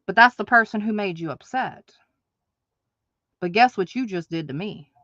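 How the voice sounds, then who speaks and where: A woman's voice: medium pitch, animated, normal speed, a bit bright, dry recording, muffled recording. A woman hosting an online craft market, ranting in an emphatic, repetitive, indignant way to her viewers. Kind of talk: ranting livestream monologue.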